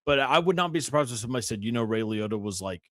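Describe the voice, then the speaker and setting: A man hosting a casual movie podcast, who reads out the categories and agrees with his guest a lot in a relaxed way. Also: medium pitch, racing, no room sound, clean studio sound. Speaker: podcast host.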